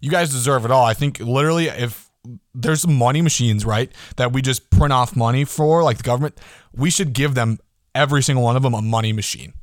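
An excitable young man in his early twenties talks alone into a close mic, his mid-range voice bouncing along as he rambles and swears casually. The sound is dry and close, with no room behind him. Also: mid-range voice, fairly quick, no room sound. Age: early 20s. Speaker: podcast host. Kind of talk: casual solo podcast talk.

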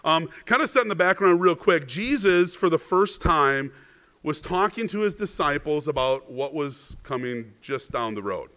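A man's voice: fairly high pitch, sing-song, normal speed, bright, forceful tone. A male pastor preaching a conversational sermon. He often checks in with the congregation with "right?" and repeats words when he stresses a point. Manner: chatty, asks the congregation "right?".

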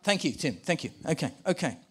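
Brief: male preacher, a touch high in pitch, lively and stumbling over his words, leading a church re-enactment. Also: brisk. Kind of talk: sermon with live volunteer re-enactment. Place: church with a live congregation.

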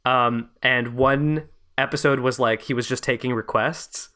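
A man's voice: medium pitch, steady tone, a little slow, pushed and bright, clear, resonant tone. A man from Canada with a Canadian accent, co-hosting a podcast in a rambling casual chat full of fillers and restarts. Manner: rambling, many fillers and restarts, easily amused. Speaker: podcast co-host.

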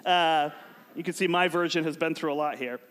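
High, lively man preaching to a crowd. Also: fairly quick. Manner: animated and joking, prompts the crowd to shout answers. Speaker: youth pastor. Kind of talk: energetic sermon to a live audience.

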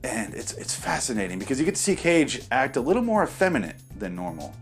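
A man's voice: medium pitch, sing-song, quick pace, faint music behind. A man giving casual, profane and sarcastic commentary on a movie while watching it.

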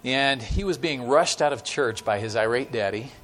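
A man preaching a sermon with stories to a church congregation, talking in a conversational way with many fillers and dramatic pauses. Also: medium pitch, animated, a bit bright, a little hiss or hum. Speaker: guest preacher.

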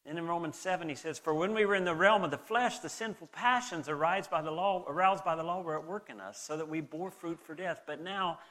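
A man's voice: a little high, a little fast, few pauses, sharp tone. Earnest man preaching, slight Southern drawl. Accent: Southern American, softened. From American South. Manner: earnest, reads scripture aloud, conversational asides with restarts. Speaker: pastor. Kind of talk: sermon.

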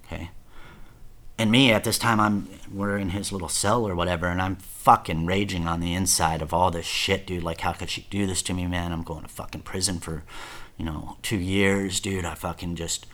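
A man with a very low voice tells his own story in a loose, confessional way. He swears freely, restarts his sentences and keeps dropping "dude" and "man". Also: fairly even intonation, moderate pace, fairly bright tone. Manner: profane, rambling, repeats words and says "dude" often. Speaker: guest telling his life story.

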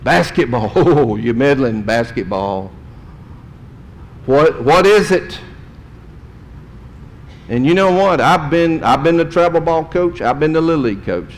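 A man preaching a sermon, in folksy storytelling that swings between loud and quiet. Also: expressive, moderate pace, hardly any pauses. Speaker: pastor. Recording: long hall reverb, faint rumble.

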